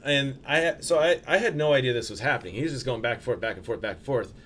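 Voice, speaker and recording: A young man spinning a long anecdote in casual podcast chat, his voice sitting at an ordinary middle pitch. He talks in a loose, rambling way, full of fillers, restarts and casual swearing. A faint hiss sits under the recording. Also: quick pace, fairly bright tone. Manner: profane, rambling storytelling with many fillers. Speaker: storyteller on a podcast.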